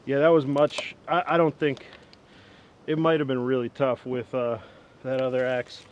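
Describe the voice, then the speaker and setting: A young man in his twenties talks outdoors in a rambling, self-mocking way, his voice at a middle pitch. The audio is slightly dull, with a faint rumble of wind behind him. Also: level tone, moderate pace. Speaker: woodworking vlogger. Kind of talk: casual outdoor demo chat.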